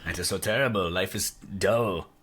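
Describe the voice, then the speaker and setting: A man's voice: low voice, normal speed. A man narrating a tabletop game as game master, jumping into voices for the townsfolk. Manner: lively, shifts into character voices for townsfolk.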